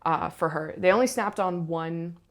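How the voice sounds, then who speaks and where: Chatty woman with a lowish voice. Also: normal speed. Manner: chatty, animated, frequent asides. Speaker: stage manager. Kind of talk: casual storytelling to camera.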